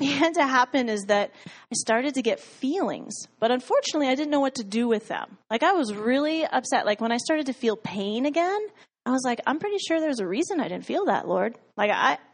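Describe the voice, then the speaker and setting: A woman's voice: fairly high pitch, expressive, brisk. Chatty woman sharing her faith story. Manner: chatty, many "like" fillers, laughs often, acts out her own past lines. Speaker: guest sharing a personal faith testimony. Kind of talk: casual storytelling testimony.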